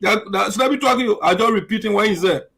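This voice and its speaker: A man's voice: high voice, quick pace, gravelly, pushed and bright, slightly rough, poor audio. A man hosting heated political commentary, emphatic and repetitive, often mimicking his opponents' lines. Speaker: show host.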